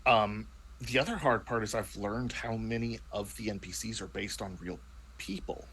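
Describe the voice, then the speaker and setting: Low-ish guy rambling on about his tabletop game, lots of restarts, casual chat. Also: normal speed, fairly bright tone, slight background noise, poor audio. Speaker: player in a tabletop role-playing show.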